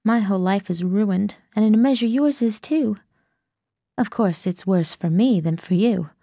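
A woman's voice: mid-range voice, moderate pace, creaky, dark tone, no echo, studio quality. A woman reading a desperate young woman's letter. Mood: pleading.

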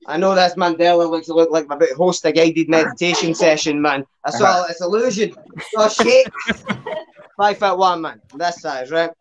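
A man's voice: a little high, moderate pace, highs cut off, crowd noise. A young Glaswegian man doing a rambling, sweary stand-up set at an online open mic, tagging lines with "man". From Scotland. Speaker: stand-up comedian.

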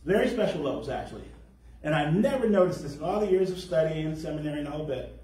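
A man giving a sermon on scripture, explaining verses and slowing down to stress key words. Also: a little high, animated, warm tone. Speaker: congregation teacher. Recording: echoey room, voice from far off.

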